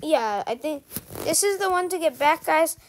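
High-pitched woman streaming a game, playful, keeps talking to the viewers. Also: lively intonation, normal speed, a little hiss or hum. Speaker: gaming streamer. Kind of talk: casual gameplay commentary.

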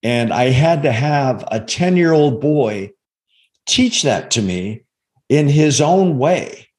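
Man, 60s, interview guest, reflective storyteller, earnest and halting, middle-pitched. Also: lively intonation, a little mellow. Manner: halting, earnest, restarts often. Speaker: interview guest, former undercover agent.

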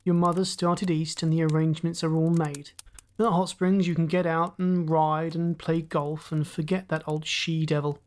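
A woman narrator voicing a blunt, indignant middle-aged father who talks gruffly and emphatically. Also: low voice, level tone, normal speed, darkish tone, close to an everyday voice. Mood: stern.

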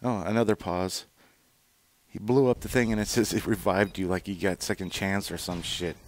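A man's voice: sits low, steady tone, moderate pace, no echo. A man casually commenting over gameplay footage, rambling and swearing freely, with lots of fillers and restarts. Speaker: gaming channel host.

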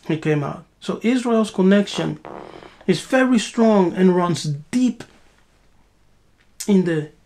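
A woman's voice: fairly low pitch, a little mellow. A woman giving a spiritual teaching, asking rhetorical questions and answering them herself with emphatic repetition.

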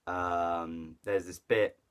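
Low-voiced man rambling through a movie review. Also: level tone, extremely slow, smooth. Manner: rambling, with many fillers and restarts; enthusiastic, laughs at the jokes he retells. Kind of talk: casual rambling film review.

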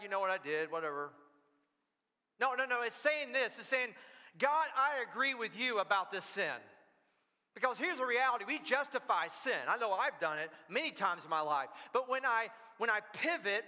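High bright-voiced pastor in a reverberant hall. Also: male voice. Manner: animated, storytelling, repeats words when worked up. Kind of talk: sermon. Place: church sanctuary. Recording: long reverb of a church hall.

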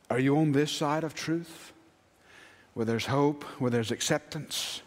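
Male pastor, fairly high voice, preaching in a church with long reverb. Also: measured pace. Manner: earnest preaching, swinging between hushed low lines and raised emphatic ones. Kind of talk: sermon. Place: church sanctuary.

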